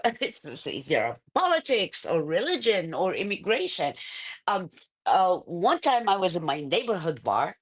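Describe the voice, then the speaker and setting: A middle-aged woman with an Iraqi Arabic accent, a political candidate talking in an interview, animated, with frequent fillers and quick laughs. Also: mid-range voice. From Iraq. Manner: animated, laughs often, many fillers and restarts. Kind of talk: conversational interview.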